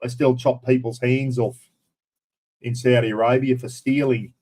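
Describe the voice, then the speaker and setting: A man's voice: mid-range voice, level tone, moderate pace, darkish tone. Blunt, chatty Australian man. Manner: blunt and chatty, mild swearing, addresses viewers as everyone and mate. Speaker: live stream host. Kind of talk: casual live-stream chat.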